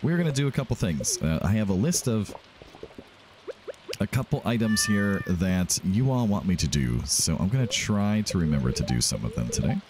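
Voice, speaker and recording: Deep-voiced guy narrating his farming game, super expressive pitch, game music behind. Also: normal speed. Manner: chatty, animated, thinking aloud. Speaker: let's play host. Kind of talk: casual gameplay commentary.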